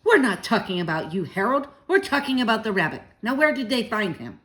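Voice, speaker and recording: A woman's voice: fairly high pitch, big pitch swings, fairly quick, a bit bright, voice pushed up. A woman voicing a sly, know-it-all male house cat who talks in a bossy, impatient way. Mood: scheming.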